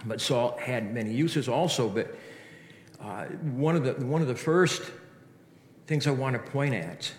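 A man preaching in a church, asking his listeners earnest rhetorical questions and often restarting his sentences. His voice sits at an ordinary pitch for a man. The sanctuary is roomy and rings with a long reverb. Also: a little slow, a little hiss or hum. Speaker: pastor. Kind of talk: sermon. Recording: echoey hall reverb.

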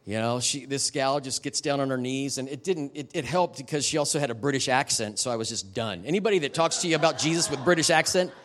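A middle-aged man preaches as a guest at a church, speaking at an ordinary, middle pitch. He talks plainly and personally, with an open emotional tone and frequent asides to the listeners. His sermon is conversational, not formal. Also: a bit bright. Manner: personal storytelling, emotional and candid, quick asides to the audience. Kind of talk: conversational sermon ending in prayer. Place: church service.

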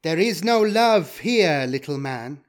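A man's voice: on the high side, lively intonation, unhurried. A man voicing a cold, menacing female cult leader. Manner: cold, threatening.

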